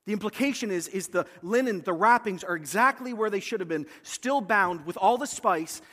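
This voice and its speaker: A man's voice: sits high, sharp tone, in a large hall. A man preaching a sermon, retelling a scripture story dramatically and acting out the voices of its figures. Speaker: pastor.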